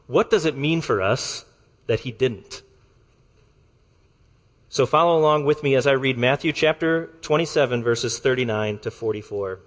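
Man preaching in a reverberant hall. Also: on the high side. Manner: measured, deliberate preaching with slowed emphasis. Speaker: pastor. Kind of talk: sermon.

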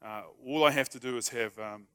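A man's voice: mid-range voice, brisk, a bit bright, clean tone. A man preaching a sermon in a conversational, humorous way, acting out short everyday dialogues. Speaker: pastor.

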